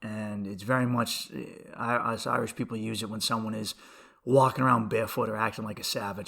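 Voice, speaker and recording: Profane rambling man, bright voice. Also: on the low side, fairly even intonation, a little fast, vocal fry. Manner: rambling, profane, laughs often. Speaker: podcast host. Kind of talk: casual comedic monologue.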